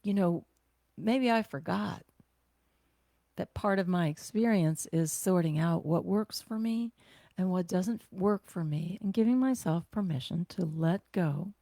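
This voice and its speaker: Woman self-care teacher, gentle guided-breathing delivery, unhurried, dry close sound. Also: on the low side, vocal fry, dry recording. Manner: gentle, conversational, with sighs and exhales.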